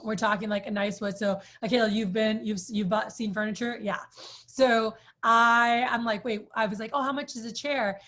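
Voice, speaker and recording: A woman in her thirties, chatty and animated, telling a personal story to a group, with many "like"s. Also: on the high side. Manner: chatty, animated, says "like" often. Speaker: sales trainer.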